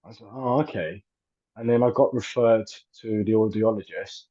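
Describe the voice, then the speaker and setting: Male guest, 30s, low-pitched, hesitant and filler-heavy; muffled lo-fi recording. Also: steady tone, fairly quick, warm tone. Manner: hesitant, many fillers and restarts. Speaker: actor and filmmaker guest. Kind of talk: casual interview chat. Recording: dull lo-fi audio.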